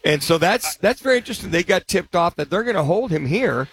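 A man's voice: sits high, animated, quick pace, fairly bright tone, breathy edge. A man co-hosting a sports radio show, talking in a rambling, anecdotal way with frequent restarts. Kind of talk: casual sports talk.

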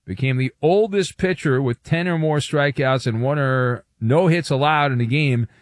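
A man hosting a sports radio show, loud and jokey, reading listener messages over a music bed. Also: medium pitch, normal speed, no room sound. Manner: loud, jokey, sing-song. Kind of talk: sports radio banter and promo reads.

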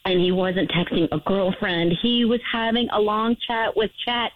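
A woman's voice: medium pitch, normal speed, slight background noise. A woman in her late twenties calls in to a radio show, crying and apologizing as she tells a long rambling story. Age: late 20s. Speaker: caller. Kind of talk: radio call-in confession. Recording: tinny phone line.

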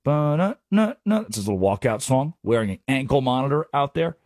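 Animated rambling sports radio host, man. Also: medium pitch, fairly quick, dry recording, clean studio sound. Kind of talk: sports talk monologue.

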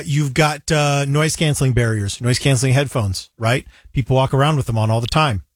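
A man's voice: mid-range voice, dry recording, clean studio sound. A man from the United States co-hosting a casual chat show, playfully dramatic in his storytelling. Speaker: co-host.

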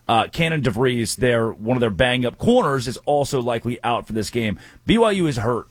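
A man hosting a sports talk show, giving energetic, opinionated picks and breakdowns. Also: mid-range voice, a little fast, dry recording. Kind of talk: sports talk radio banter.

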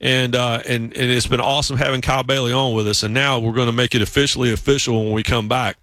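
A man with a Southern US accent, hosting a sports radio show and telling stories in a lively, casual way. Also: mid-range voice, quick pace, no echo. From South Carolina, US South. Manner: animated, acts out voices in stories.

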